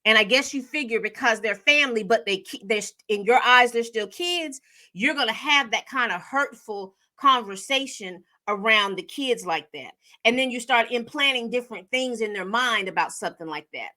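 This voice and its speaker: Woman, high bright voice, chatty TV recap host, lots of fillers. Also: normal speed. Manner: chatty, animated storytelling with acted-out quotes; frequent fillers and self-corrections. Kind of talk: casual TV episode recap.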